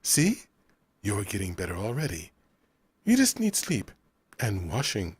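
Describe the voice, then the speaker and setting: A man voicing a gentle tribal woman caretaker in an audiobook, her speech deep, rhythmic and musical with a thick round accent, softly firm. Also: wildly swooping pitch, measured pace, breathy edge, no room sound, exaggerated voice. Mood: soothing. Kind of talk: audiobook character voice.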